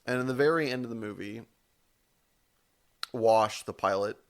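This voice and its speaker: A man's voice: lowish voice, moderate pace. A man co-hosting a podcast in casual chat, rambling and correcting himself as he goes, with the odd casual swear. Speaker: podcast co-host.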